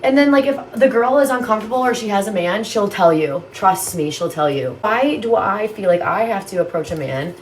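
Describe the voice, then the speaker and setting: A young woman rants to her phone, swearing freely and sounding fed up. Her voice sits in a middle register. The recording carries a steady noisy hiss underneath. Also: medium pitch, brisk, few pauses. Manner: exasperated, profane, animated. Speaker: content creator. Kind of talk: casual rant to camera.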